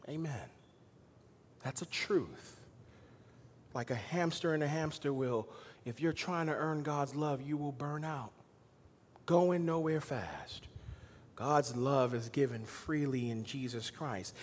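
A man preaching a sermon as pastor, swinging between loud emphatic lines and quiet, hushed asides. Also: on the high side, breathy edge, big-room sound. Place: church sanctuary.

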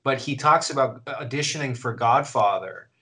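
A man's voice: medium pitch, normal speed, bright, forceful tone, rough recording. A man hosting a casual interview, musing in a thoughtful, reflective way. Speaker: interview host.

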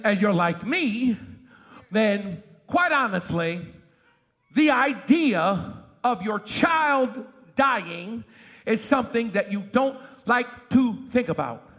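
A middle-aged man preaching in a church with a strikingly high, bright, forceful voice that leaps up and down in pitch. He builds to shouts and calls out to the congregation for a witness. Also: animated, slow pace, long reverb tail. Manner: impassioned preaching, often shouting, call-and-response. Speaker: pastor. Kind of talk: sermon. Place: church sanctuary.

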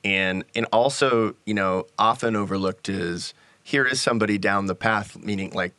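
A man's voice: on the low side, normal speed, bright, forceful tone, no room sound. A man hosting a discussion, encouraging and loose, reading out a question from the audience. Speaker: host. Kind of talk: hosted discussion.

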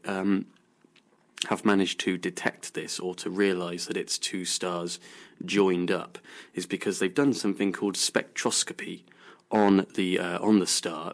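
Man hosting a radio science show. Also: low-pitched. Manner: rambling with many fillers and restarts. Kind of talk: casual radio news chat.

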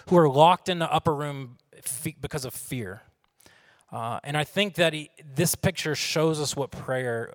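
A pastor with a mid-range voice preaches a conversational sermon in a church sanctuary, with long hall reverb on the recording. He puts questions to the congregation as he goes.

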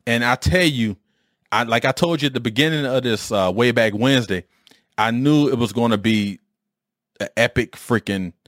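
A man in his forties or fifties from Detroit, telling a casual story on his own podcast with an animated, streetwise delivery and mild swearing. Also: medium pitch, moderate pace, no echo, clean studio sound. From Detroit, USA. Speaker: podcast host.

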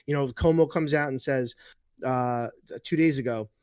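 A man's voice: medium pitch, normal speed, darkish tone, smooth, no echo. A man from New York in casual chat, ranting heatedly and swearing now and then.

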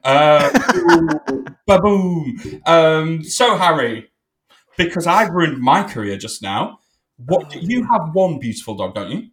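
A man co-hosting a podcast in casual chat, self-mocking and animated. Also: a little high, slow pace. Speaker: podcast co-host.

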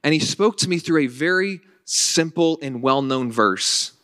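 A man's voice: fairly high pitch, measured pace, smooth, dry recording. Conversational man preaching, dry sound. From Northern Virginia. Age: late 20s. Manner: conversational, energetic preaching with frequent restarts. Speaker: pastor. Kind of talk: sermon.

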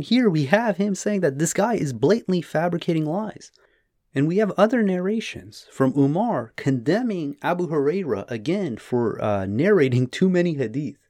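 A man giving casual spoken commentary on old texts, retelling stories in his own words with many fillers. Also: a little high. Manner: paraphrases texts with animated retellings and frequent fillers. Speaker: religious commentator.

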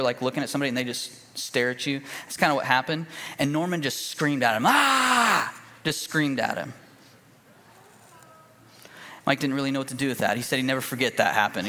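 A male pastor preaching in a church sanctuary, his voice trailing off into the long reverb of the hall. He tells the story in a relaxed, folksy way, full of fillers and restarts, at a medium pitch. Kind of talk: sermon storytelling.

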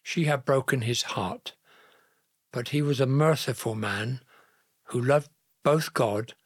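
A man narrating a Bible story in a slow, gentle, earnest reading style. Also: mid-range voice, husky, no echo, clean studio sound.

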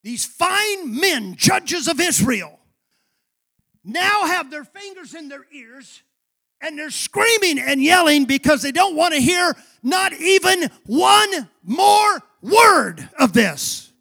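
Male pastor, very high pitch, impassioned sermon delivery with shouted climaxes. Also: very animated, slow pace, creaky. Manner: impassioned, shouting bursts, dramatic retelling.

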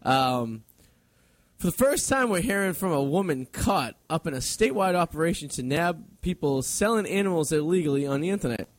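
A man's voice: a little high, animated, fairly quick, dry recording. A man hosting a radio show, loose and crude, laughing with his guests. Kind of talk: casual crude banter. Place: radio studio.

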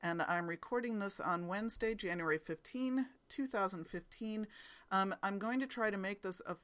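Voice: mid-range voice, moderate pace, fairly bright tone. A podcast host, still congested after an illness, chatting casually and rambling with frequent ums. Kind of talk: casual solo podcast chat.

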